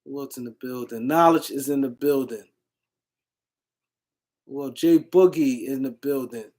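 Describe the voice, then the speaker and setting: A man hosting a casual sports livestream, answering comments and shouting out viewers in the chat. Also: mid-range voice, unhurried. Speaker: livestream host.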